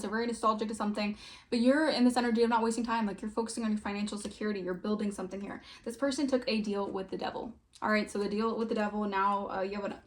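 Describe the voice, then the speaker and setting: A young woman giving a casual tarot reading, chatty and emphatic, often saying "all right". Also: a little high. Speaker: tarot reader.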